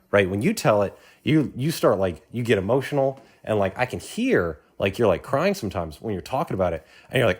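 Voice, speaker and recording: A man's voice: mid-range voice, very animated, a little fast, a little mellow, husky. A man in the audience speaking earnestly and at length, rambling with many restarts and fillers. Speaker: audience member. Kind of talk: earnest spoken testimony.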